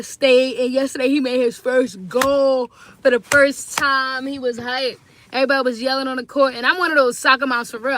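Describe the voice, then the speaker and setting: A woman's voice: on the high side, a bit bright, a little hiss or hum. A tired woman talking casually to viewers on a phone live stream, chatty and slangy, greeting them again and again. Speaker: livestreaming mom.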